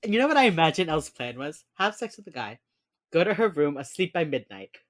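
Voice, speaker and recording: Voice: mid-range voice, brisk, dry recording, studio quality. A podcast co-host in casual chat, retelling a TV episode scene by scene and acting out the characters' lines. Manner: animated storyteller who acts out the characters' lines.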